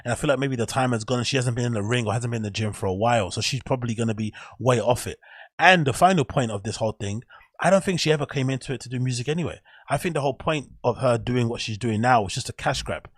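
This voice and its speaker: A man's voice: mid-range voice, fast talker, dry recording. Male host, solo podcast, rambling and opinionated, dry recording. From England. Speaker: show host.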